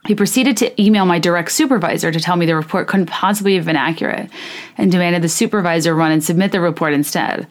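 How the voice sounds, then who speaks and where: A woman's voice: fairly low pitch, quick pace. A woman hosting a casual podcast, reading listener stories aloud and reacting candidly and indignantly, with many "like" fillers.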